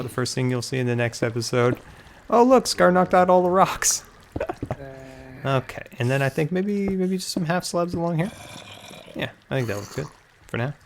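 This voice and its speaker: A man's voice: a little high, creaky, slight background noise. A young man casually commenting on his own game tutorial, musing aloud, repeating phrases, a little out of breath. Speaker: Minecraft YouTuber.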